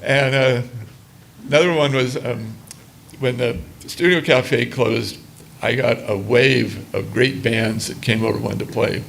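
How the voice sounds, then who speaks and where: A man's voice: medium pitch, unhurried, vocal fry, a bit bright, a little hiss or hum. An older man on a panel, a former music booker, telling stories about bands with laughs and acted-out dialogue. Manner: laughing, acts out quoted dialogue. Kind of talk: casual storytelling on a panel. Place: museum talk before a small audience.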